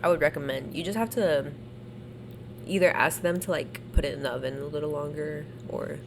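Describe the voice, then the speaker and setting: A woman's voice: deep voice, fairly quick, creaky, noisy background. A woman in her twenties co-hosting a podcast in casual chat, easygoing and giggly with loose phrasing. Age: 20s. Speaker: podcast co-host.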